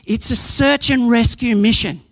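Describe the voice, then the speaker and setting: A man's voice: extremely high pitch, measured pace, fairly bright tone, dry recording. A man preaching a sermon, earnest and emphatic, building points through repetition and sometimes restarting a phrase.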